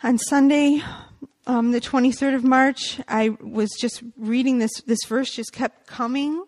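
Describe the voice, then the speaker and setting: A woman's voice: high voice, steady tone, measured pace, darkish tone. A woman giving a personal faith testimony, earnest and reflective, partly reading aloud and quoting scripture.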